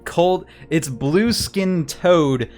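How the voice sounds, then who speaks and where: A man's voice: fairly high pitch, drawn-out words, a little mellow, faint music behind. A man narrating as game master in a tabletop game, casual and chatty, laughing often.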